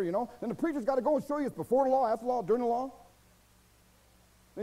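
Male pastor, American accent, mellow lively-pitched preaching voice, folksy and exhorting. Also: fast, long pauses, low-quality recording. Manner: folksy, exhorting, rhetorical questions and mimicked voices. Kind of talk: sermon.

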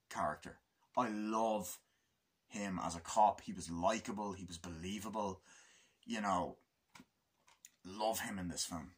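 A man giving a casual, rambling movie review. He swears freely and acts out scenes in quick put-on voices. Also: sits low, steady tone, slightly rough.

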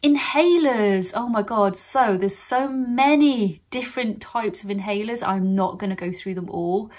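A British woman in her thirties talks through her work as a practice nurse in a relaxed vlog. Her voice sits at an ordinary middle pitch. She is candid and chatty and pokes fun at her own slips. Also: normal speed. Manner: chatty, candid, laughs at herself. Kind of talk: casual explanatory vlog.

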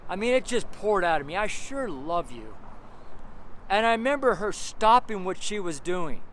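A man's voice: sits high, expressive, fairly quick, fairly bright tone. A man giving an earnest, rambling personal testimony as a street preacher, full of "you know" fillers and repeated phrases, recorded outdoors near street traffic.

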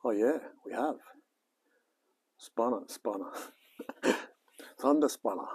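A man's voice: medium pitch, slow pace, long pauses, darkish tone, breathy edge. An Australian man in his late forties chatting casually on his live stream, laid-back and rambling, with plenty of slang. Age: late 40s. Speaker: live-streaming home mechanic.

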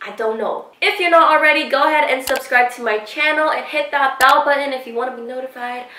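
Young woman vlogger, higher voice, animated and foul-mouthed, recorded in a roomy space off-mic. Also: fast, far from the mic, slight background noise. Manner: animated, swears freely, slangy. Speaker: beauty vlogger. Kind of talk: casual storytime chat. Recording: echoey room, mic set back.

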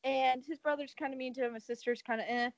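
A woman's voice: high-pitched, steady tone, fast, dry recording, muffled recording. A woman co-hosting a podcast, recapping a film plot in a rambling, sarcastic way. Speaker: podcast co-host. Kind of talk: casual podcast chat.

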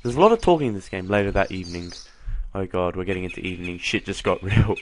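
Sarcastic young man with a low voice. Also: quick pace, slight background noise. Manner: sarcastic and sweary, mocks the game's characters; reads the game's dialogue aloud in a flat voice. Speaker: let's play gamer. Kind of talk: casual gameplay commentary.

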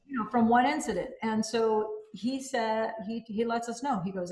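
A woman hosting a casual talk about self-help, animated and acting out quoted phrases. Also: on the high side, normal speed, hardly any pauses. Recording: echoey room.

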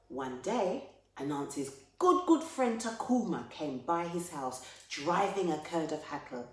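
A woman hosting a poetry show, reading a folktale aloud in a lively, expressive way. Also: on the low side, measured pace. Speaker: storyteller. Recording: very echoey room.

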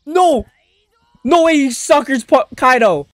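A man hosting an anime reaction with a lively pitch that jumps and swoops with each surprise. He talks at an unhurried pace, breaking into sudden exclamations and casual swearing. The sound is close and dry, with no room around it. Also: no echo. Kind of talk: live reaction commentary.

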